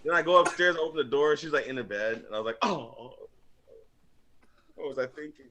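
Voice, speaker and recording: A man telling stories in casual chat, acting out other people and swearing freely. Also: fast talker. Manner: animated storyteller, acts out others in high squeaky voices, swears freely. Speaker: podcast panelist.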